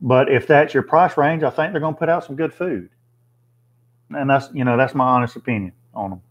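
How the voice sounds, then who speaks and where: With a medium pitch and a brisk pace, this livestream host's audio has the highs cut off. He chats plainly through viewer comments in a casual live session, thinking out loud with fillers.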